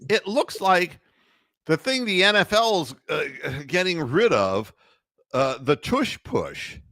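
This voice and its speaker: A man hosts a casual sports talk show, his pitch leaping around as he mocks what he saw. The sound is dry and close to the mic. He laughs as he talks and slips into jokey voices. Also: slow, no echo. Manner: animated, mocking, laughs while talking; puts on announcer and referee voices. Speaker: sports talk radio host.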